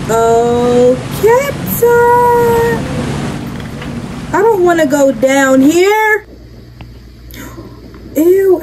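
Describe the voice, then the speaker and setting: Brief: young woman, high voice, reactive slangy game commentary, game noise behind. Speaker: gaming creator. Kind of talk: casual gameplay commentary.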